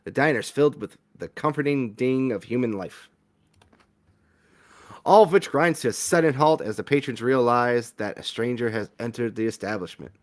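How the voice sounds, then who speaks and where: A man playing a visual novel and reading its narration aloud, playful and expressive. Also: mid-range voice, moderate pace. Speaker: gaming streamer.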